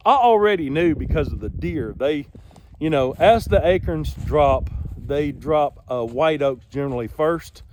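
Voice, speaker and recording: A man's voice: fairly high pitch, a little mellow, slight background noise. A man hosting an outdoor vlog, talking in a rambling, folksy way outside in the woods. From Alabama. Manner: rambling, folksy, self-correcting. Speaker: outdoor channel host.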